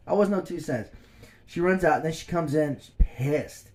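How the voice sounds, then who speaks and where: A man's voice: a little high, normal speed, a little mellow. A man in his thirties telling a personal story as a vlogger, casual, slangy and exasperated.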